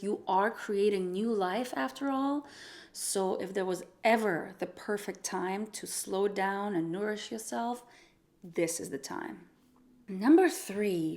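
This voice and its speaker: A young pregnant woman talks straight to camera in a casual, earnest vlog, working through a numbered list. Her voice sits at a medium pitch, and she speaks openly and warmly about personal matters, in an open, chatty manner. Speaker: vlogger, singer-songwriter.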